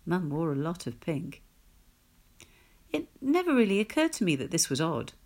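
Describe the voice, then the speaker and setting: A woman reading a first-person story aloud in a wry, measured storytelling manner. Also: lowish voice, sing-song, a little mellow. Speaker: reader. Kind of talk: audiobook narration.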